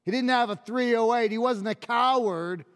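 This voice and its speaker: A male pastor preaching a sermon with emphatic delivery, dropping low and quiet on key phrases. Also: moderate pace, clean tone, in a large hall.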